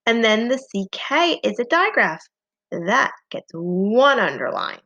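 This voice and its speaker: A woman's voice: a little high, very animated, takes it slowly, pushed and bright. A woman teaching a phonics lesson, patient and encouraging, spelling out letters one by one. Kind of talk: slow, clearly paced phonics lesson. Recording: slightly dull lo-fi home recording.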